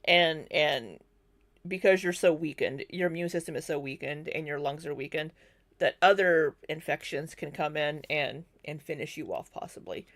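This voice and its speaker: A woman's voice: low-pitched, moderate pace. A woman hosting a live commentary stream, reacting to video clips and answering viewers' comments in a chatty way.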